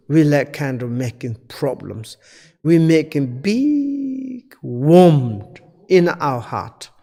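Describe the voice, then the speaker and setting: A man giving a Buddhist dharma teaching in halting, non-native English full of fillers, earnestly pleading and repeating his key points. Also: a little high, gravelly, darkish tone, long reverb tail.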